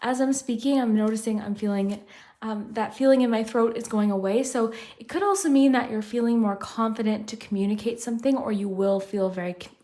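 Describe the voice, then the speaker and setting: Chatty tarot-reading woman, slightly high. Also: a little fast, mellow. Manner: chatty, reflective, frequent "like" and "I feel like". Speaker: tarot reader. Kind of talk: pick-a-card tarot reading.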